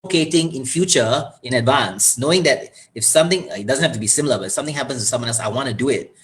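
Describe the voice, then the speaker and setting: A man hosting a casual online talk show, telling an animated, self-deprecating story on a video call. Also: medium pitch, rapid-fire, a little hiss or hum. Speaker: host.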